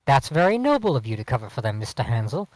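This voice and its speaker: A strict woman professor, read by a man, speaks in a lowered voice. Her words are clipped and formal, and the sound is close and dry. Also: very animated, quick pace, dry recording, close to an everyday voice. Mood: stern.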